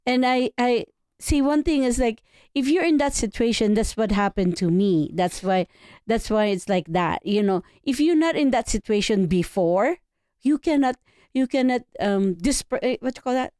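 Guest mother, middle-aged, slightly high voice, halting gentle phrasing, dry mic. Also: animated, smooth, no room sound. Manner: searches for words, gentle advising tone. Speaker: podcast guest, host's mother. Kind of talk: casual family chat.

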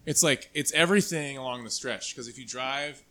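A man from Maryland, a guest on a casual podcast, who explains at length in a relaxed, rambling way. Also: medium pitch, a little fast.

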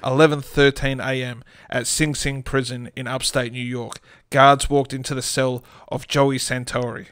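A man's voice: mid-range voice, flat delivery, moderate pace, few pauses, fairly bright tone, clear, resonant tone, dry recording, clean studio sound. A man with an Australian accent reading his own comic short story aloud on a storytelling podcast, often breaking into laughter. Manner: reads with frequent laughter breaking through.

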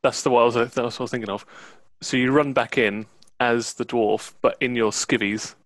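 Homem mestre de jogo, tom descontraído, som seco. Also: male voice, medium pitch, moderate pace, no echo. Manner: relaxed, laid-back, with fillers. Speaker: game master. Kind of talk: narrating a tabletop game.

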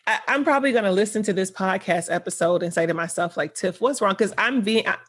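A woman's voice: medium pitch, quick pace, husky. A woman guest on a podcast, talking earnestly and candidly in casual conversation, often laughing and searching for her words.

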